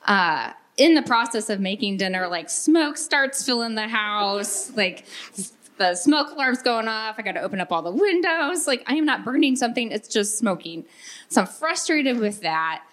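A woman in her thirties telling an audience a candid, animated story from her own family life. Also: medium pitch. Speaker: workshop speaker.

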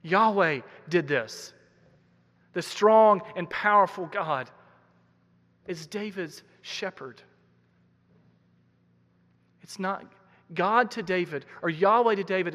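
High, bright-voiced preacher in a reverberant hall. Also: male voice. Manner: earnest, emphatic preaching with repeated words. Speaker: pastor. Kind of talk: sermon.

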